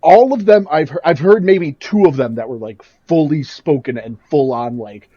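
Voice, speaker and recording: A man's voice: on the high side, normal speed, warm tone, dry recording. A man with a Midwestern US accent, co-hosting a casual podcast chat, laughing often and asking the questions. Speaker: podcast co-host. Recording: dull lo-fi dry recording.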